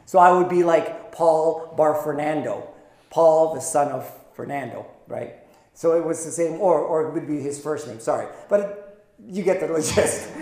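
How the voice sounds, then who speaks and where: High-voiced man preaching in an echoey room. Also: darkish tone. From Philippines. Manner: conversational preaching with playful asides. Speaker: pastor. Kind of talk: sermon.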